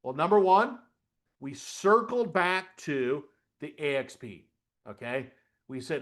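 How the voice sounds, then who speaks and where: A middle-aged man teaching a live trading webinar, animated, asking questions aloud and checking in with "okay?" as he goes. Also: fairly high pitch, slow. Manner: animated, repeats "okay?" and asks questions out loud. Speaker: trading coach.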